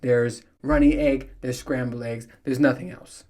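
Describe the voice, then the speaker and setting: A man's voice: mid-range voice, fairly even intonation, a little slow, warm tone. Profane rambling man ranting on a podcast. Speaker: podcast host. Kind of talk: casual solo podcast rant.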